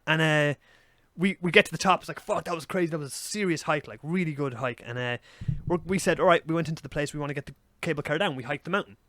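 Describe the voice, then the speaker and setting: A young Irish man co-hosting a podcast, telling a story in casual, animated chat and swearing freely. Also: a little high, fast, few pauses, dry recording. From Ireland. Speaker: podcast co-host.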